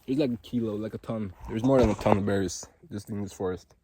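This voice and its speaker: A fast-talking Norwegian vlogger with a fairly low voice walks through a hot forest, gushing and rambling excitably with many fillers. He has a Norwegian accent, and the background is noisy.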